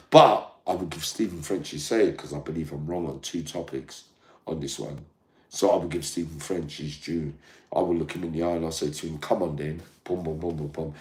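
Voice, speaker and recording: Older man, combative and profane, ranting straight to his viewers. His pitch swings widely from low mutters to high shouts. The sound has a noticeable echo from the room. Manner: profane, combative, keeps asking "yeah?". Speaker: online channel host.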